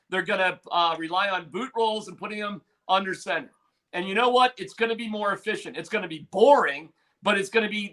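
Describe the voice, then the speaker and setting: A man's voice: high-pitched, bright, forceful tone. A male sports radio host arguing his opinions emphatically, repeating points for emphasis. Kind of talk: sports talk radio debate.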